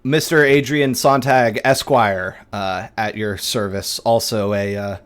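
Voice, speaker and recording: A man's voice: on the low side, fairly even intonation, a little slow, clean tone, lightly acted. A man voicing a pompous male vampire lawyer who is proud of his rank.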